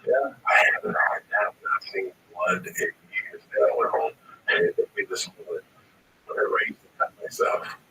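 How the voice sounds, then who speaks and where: A man's voice: lowish voice, wildly swooping pitch, normal speed, vocal fry, sharp tone. A male comedian telling a rambling, profane story full of swearing, recorded on a distant mic with faint background noise. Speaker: stand-up comedian.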